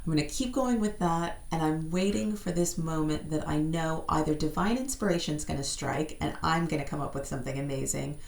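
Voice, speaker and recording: A middle-aged American woman chatting casually as an interview guest, self-deprecating and quick to laugh. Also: sits low, vocal fry. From United States. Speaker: guest actor. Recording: echoey room.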